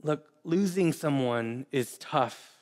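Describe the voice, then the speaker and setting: A man preaching a sermon in an earnest way, often repeating words and pausing. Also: on the high side, lively intonation, a little mellow. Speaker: pastor.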